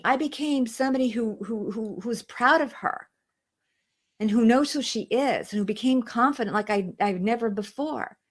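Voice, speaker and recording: A woman's voice: a little high, moderate pace. A woman, a guest on an interview show, telling her personal story in an earnest way and repeating phrases for emphasis. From outside the United States. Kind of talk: emotional personal testimony.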